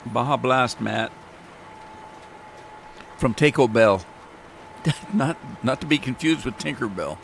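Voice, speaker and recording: A man's voice: mid-range voice, takes it slowly, gravelly, pauses often, slight background noise. A man chatting casually on a live stream, talking candidly and rambling with frequent restarts.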